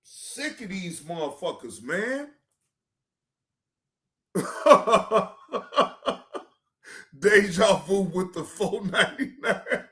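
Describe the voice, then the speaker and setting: A livestream reaction host ranting at a viewer in the chat, profane and heated, often breaking into shouts and repeating dismissive goodbyes. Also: medium pitch, lively intonation, very slow, long pauses. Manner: repetitive dismissive sign-offs.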